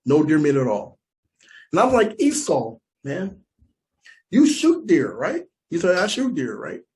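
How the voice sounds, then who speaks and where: A man with an American accent telling a stand-up story, animated and repeating lines for emphasis. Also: on the high side, measured pace. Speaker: stand-up comedian.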